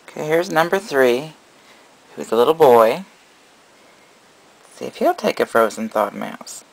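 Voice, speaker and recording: A man narrating a casual breeder vlog with a gravelly, creaky texture in his voice. He slips between doting, cooing baby talk aimed at his animals and straightforward explanation for the viewer. His pitch sits in an ordinary middle range. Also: lively intonation, a little slow, low-quality recording. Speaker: reptile breeder.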